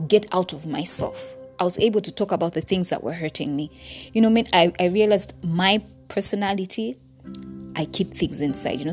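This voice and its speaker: A woman's voice: mid-range voice, a little mellow. A woman hosting a podcast, speaking earnestly and from the heart straight to her listeners in a reflective personal monologue. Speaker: podcast host.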